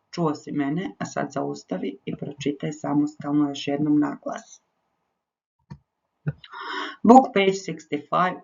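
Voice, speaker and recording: Slow woman teacher. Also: low voice, creaky. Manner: patient, repeats each instruction in both languages. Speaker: English teacher. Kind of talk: recorded English lesson with Croatian explanations. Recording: dull lo-fi recording.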